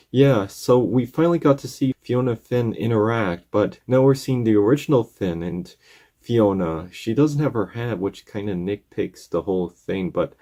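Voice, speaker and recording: A man's voice: on the low side, dark tone. A man casually recapping a cartoon episode, rambling and acting out characters' lines.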